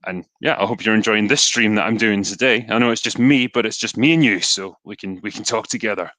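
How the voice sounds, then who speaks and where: A man's voice: fairly low pitch, brisk, no room sound. A Scottish man hosting a live stream, casually reading and answering viewer donations with lots of ums and asides. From Scotland. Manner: relaxed, chatty, frequent ums and asides. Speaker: livestream host reading donations.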